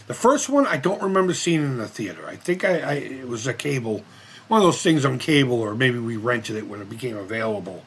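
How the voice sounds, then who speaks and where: The host of a retro gaming and movie channel chats casually through reaction commentary, rambling and swearing freely. His mid-range voice is expressive, fairly quick, and slightly rough.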